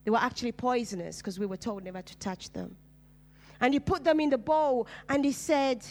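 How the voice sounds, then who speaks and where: A Ugandan woman pastor preaches her personal testimony as a sermon, a little fast, her storytelling swinging between loud bursts and hushed, low asides.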